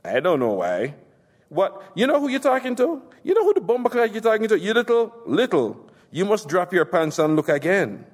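A man's voice: on the high side, sing-song, normal speed, few pauses, husky, long reverb tail. A man putting on a furious gangster. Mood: outraged. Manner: crude, boastful, mocking. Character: foul-mouthed, furious Jamaican gangster man.

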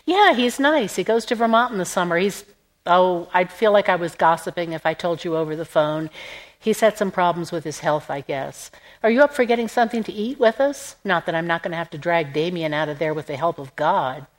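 A woman voicing a restless, wry heroine who talks quickly in an audiobook. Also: lowish voice, natural voice, low-quality recording. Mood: brisk.

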